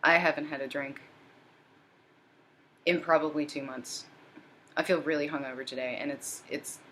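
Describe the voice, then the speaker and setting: A woman's voice: sits low, fairly even intonation, moderate pace, a bit bright, slight background noise. A woman giving a casual spiritual tarot reading, chatty and tired, often checking in with "okay". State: drained and tired. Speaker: tarot reader.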